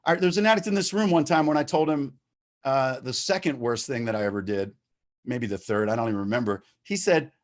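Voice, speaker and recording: Over a video-call microphone, a recovering addict shares at a recovery meeting in a mid-range voice, talking a little fast. He tells his story candidly, cursing without restraint and getting more heated the longer he speaks.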